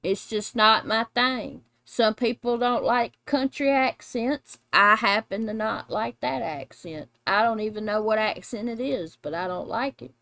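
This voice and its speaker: Slow, blunt, animated woman reacting. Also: fairly high pitch, vocal fry, dry recording. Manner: animated, blunt, laughs and exclaims. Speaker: reaction channel host, mother. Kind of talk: casual reaction chat.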